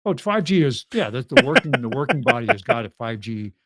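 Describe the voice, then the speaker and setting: A man co-hosting a radio talk show, chatting in a rambling, animated way. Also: medium pitch, a little fast, heavy background noise. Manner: rambling, animated, laughs easily. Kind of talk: casual chat.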